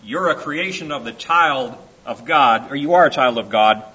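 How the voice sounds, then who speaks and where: A man's voice: medium pitch, lively intonation, normal speed, bright, forceful tone, husky. A man leading a church service, speaking in a folksy, conversational and encouraging way as he introduces a hymn. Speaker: song leader in a church service. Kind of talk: informal sermon and song introduction. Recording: dull lo-fi church recording with faint music.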